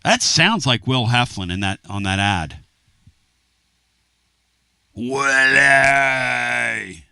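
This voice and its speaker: Bright-voiced sports radio host, dry studio. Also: male voice, on the low side, no echo. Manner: animated, rambling with quick asides. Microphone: studio microphone.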